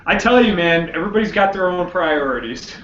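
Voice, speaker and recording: A man's voice: high-pitched, animated, brisk, a bit bright, echoey room, highs cut off, slight background noise. A man on a casual podcast, rambling and saying "like" a lot. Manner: rambling, heavy use of "like". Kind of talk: casual chat.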